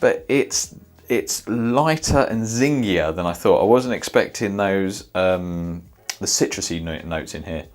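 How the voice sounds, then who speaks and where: A man's voice: sits low, animated, unhurried, soft background music. A man casually reviewing fragrances, thinking aloud with many fillers and reacting as he smells each one. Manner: sniffs and reacts in the moment.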